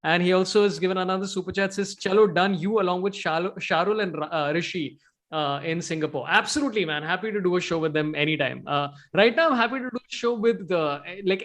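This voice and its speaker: A man's voice: high-pitched, a bit bright. A man hosting a casual cricket chat show, talking in a loose, rambling way with many fillers and restarts. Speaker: podcast host.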